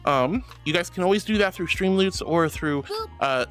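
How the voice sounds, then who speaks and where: High-voiced, affectionate male streamer. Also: fairly bright tone. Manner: affectionate, calls viewers sweetheart and honey; gushing and playful. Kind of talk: casual livestream chat, reading viewer messages.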